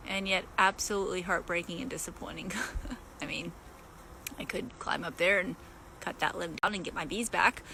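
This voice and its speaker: A woman beekeeper talking chattily while filming in her backyard, excitable, laughing often and coaxing the bees. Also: lowish voice, slight background noise. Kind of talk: casual outdoor vlog narration. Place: backyard outdoors.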